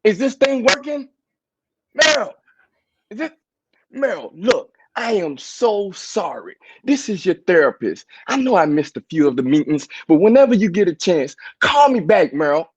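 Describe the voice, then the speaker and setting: Woman putting on a flustered therapist, husky voice, pitch all over. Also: very animated, moderate pace, no echo, dull audio. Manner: flustered, rambling. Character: flustered female therapist on the phone.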